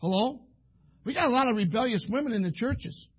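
A rambling preacher man delivers a folksy sermon and slips into acting out husbands and wives. His voice sits high for a man. It has a husky, slightly breathy edge. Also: animated, brisk. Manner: folksy, rambling, acts out quoted couples.

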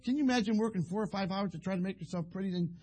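A rambling preacher man delivers a folksy sermon and slips into acting out husbands and wives. His voice sits high for a man. It has a husky, slightly breathy edge. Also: rapid-fire, a little mellow. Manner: folksy, rambling, acts out quoted couples.

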